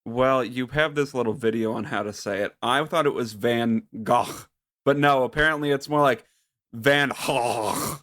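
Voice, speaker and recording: A man co-hosting a podcast, chatting casually with dry, relaxed joking. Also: mid-range voice, brisk, few pauses, no room sound. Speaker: podcast co-host.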